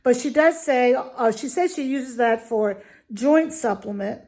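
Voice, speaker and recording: A woman's voice: on the high side, measured pace, a little mellow. A woman giving an opinionated video review, talking in an indignant, emphatic, ranting way. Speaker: dog food reviewer.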